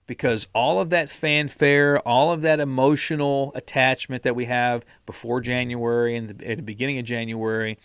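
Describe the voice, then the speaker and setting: A podcast co-host speaks at medium pitch in a casual motivational chat, bluntly discussing discipline and sticking to a plan. He swears mildly and repeats words when he restarts, and the clean studio recording has no room sound.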